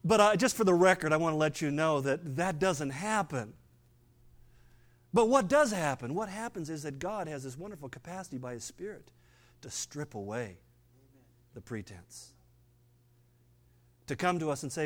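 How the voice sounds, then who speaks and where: An older man giving a sermon as pastor, conversational, with playful asides and passages where he drops low and quiet for emphasis. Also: expressive, normal speed, long pauses.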